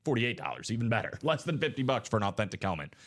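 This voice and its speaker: A man's voice: mid-range voice, very animated. Male host, live-stream seller, chatty hype, reels off lists. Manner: rapid listing, hyped and chatty. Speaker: live sports card break host. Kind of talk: live-stream sales patter.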